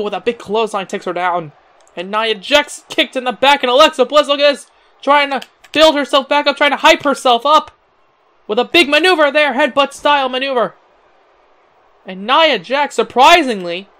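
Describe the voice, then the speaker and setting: An amateur commentator, a young man, calls wrestling play-by-play in a high-pitched voice. He's excitable, his voice cracks, and he exclaims and chuckles often.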